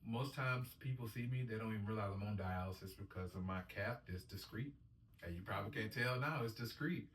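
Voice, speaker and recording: A man with a lowish voice tells his own story, earnest and upbeat, slipping into the voices of the people he quotes. He is caught on a mic set back from him in a roomy, echoey space, with a faint hum underneath. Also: fairly quick, fairly bright tone, distant mic. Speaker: dialysis patient sharing his story. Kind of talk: casual personal storytelling.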